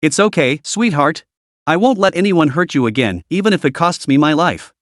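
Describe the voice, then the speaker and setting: A man reading the lines of a tender, protective young man, soothing and gentle. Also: on the high side, huge pitch swings, normal speed, dry recording, studio quality.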